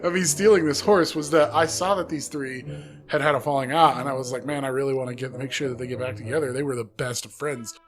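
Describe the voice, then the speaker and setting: A podcast co-host improvising an absurd comic story in casual chat, deadpan and chuckling at their own jokes. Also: medium pitch, fast talker.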